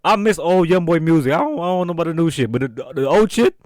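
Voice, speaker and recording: A man's voice: fairly high pitch, expressive, quick pace, a little mellow, no echo. Blunt, profane young man reacting. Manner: blunt, profane, unfiltered banter. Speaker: reaction video host. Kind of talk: casual reaction commentary.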